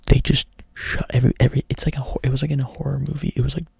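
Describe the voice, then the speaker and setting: A man's voice: mid-range voice, flat delivery, very fast, gravelly, a little mellow, husky, dry recording. A young man doing whispered ASMR storytelling up close to the mic, rambling casually and swearing a lot. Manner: rambling, profane, filler-heavy casual talk. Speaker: ASMR creator.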